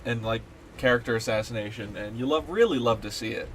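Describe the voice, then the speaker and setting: Talking fast in a slightly bright, medium-pitched voice, this game streamer chats loosely and launches into lively, profanity-heavy rants. There's a touch of hiss or hum on the audio.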